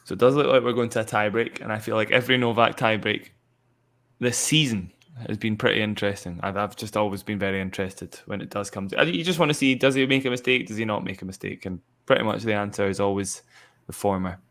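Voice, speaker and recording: A man's voice: fairly low pitch, quick pace, fairly bright tone. Man giving analytical tennis commentary. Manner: analytical, observant. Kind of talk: casual match commentary.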